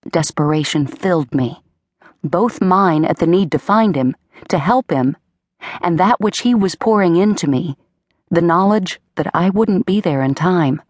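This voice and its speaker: A woman narrating an audiobook in a measured, dramatic first-person storytelling manner, on a close studio mic. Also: lowish voice, animated, dry recording. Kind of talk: scripted narration.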